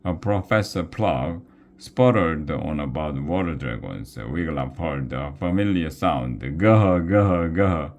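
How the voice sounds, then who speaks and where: A man reading a children's novel aloud, slow and careful, with small restarts. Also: rumbling low, animated, darkish tone. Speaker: reader.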